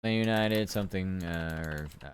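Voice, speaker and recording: Low, smooth-voiced young man streaming. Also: normal speed. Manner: rambling, muttering to himself while working. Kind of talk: casual live-stream chat.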